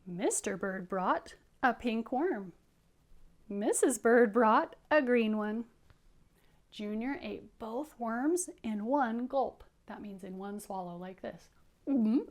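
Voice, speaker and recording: A woman teacher reading a picture book aloud to young children, animated, dropping into hushed whispered asides. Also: on the high side, slow pace.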